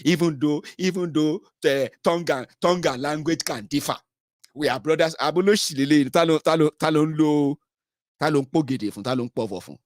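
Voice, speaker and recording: A man's voice: fairly high pitch, a little fast, no echo, studio quality. A middle-aged Nigerian man giving sardonic political commentary in a casual vlog, mixing in pidgin and Yoruba phrases.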